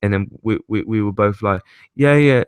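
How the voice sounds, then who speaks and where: A man's voice: fairly low pitch, monotone, brisk, clean tone, no echo. A young man hosting a casual rambling chat, swearing casually and often laughing. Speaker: host.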